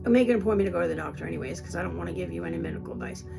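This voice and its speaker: A woman's voice: on the low side, huge pitch swings, rapid-fire, gravelly. A woman in her sixties giving an earnest, reassuring spiritual talk, often repeating herself. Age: 60s. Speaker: spiritual teacher. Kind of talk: casual spoken talk. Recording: music playing behind her.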